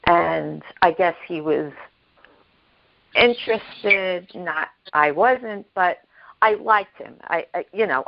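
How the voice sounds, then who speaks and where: A woman telling an emotional personal story as a guest, halting and repeating herself, acting out the voices of the people she quotes. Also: lowish voice, vocal fry, dull audio. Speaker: guest sharing her story. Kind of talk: emotional personal testimony on a podcast.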